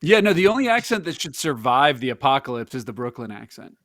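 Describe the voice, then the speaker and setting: A man co-hosting a casual podcast about video games, animated and laughing often. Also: mid-range voice, fast talker, dry recording, studio quality. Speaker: podcast co-host. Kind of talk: casual gaming chat.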